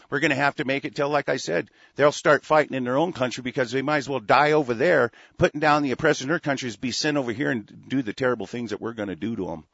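A man's voice: medium pitch, a bit bright, no echo, highs cut off. A man hosting a talk radio show, delivering a rambling, profane, heated monologue.

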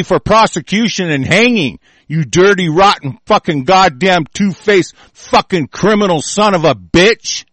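A man's voice: sits high, a bit bright, no room sound. A man hosting a talk radio show, delivering a furious, profane, threatening tirade. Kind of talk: angry on-air rant.

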